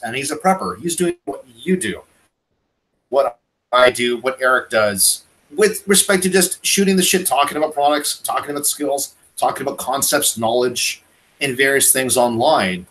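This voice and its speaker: A man's voice: mid-range voice, expressive, normal speed, a bit bright, rough recording. A man from Canada ranting with passion in a casual podcast chat over a video call. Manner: impassioned, ranting. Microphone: video call mic.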